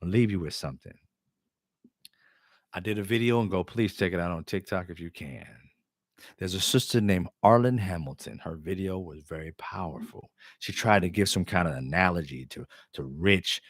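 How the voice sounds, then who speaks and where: A man's voice: deep voice, normal speed, no room sound, clean studio sound. A man hosting his own show, delivering a fiery, profane monologue. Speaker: host. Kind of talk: impassioned monologue.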